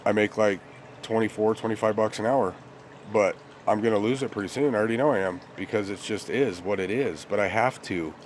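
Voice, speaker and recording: A man's voice: fairly low pitch, fairly quick, a little hiss or hum. A young man ranting bluntly and profanely in a rambling casual monologue to his viewers. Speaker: vlogger.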